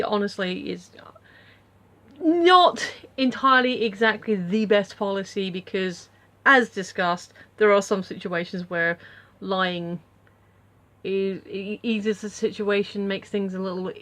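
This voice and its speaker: A woman's voice: medium pitch, fairly bright tone. A woman talking casually to camera at home in a vlog, rambling through her thoughts with lots of fillers and restarts. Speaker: vlogger.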